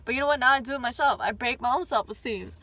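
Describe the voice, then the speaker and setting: A woman's voice: fairly high pitch, quick pace, bright, forceful tone. A young woman telling a casual storytime on her vlog, chatty and rambling, swearing often and breaking into asides. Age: young adult. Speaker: vlogger.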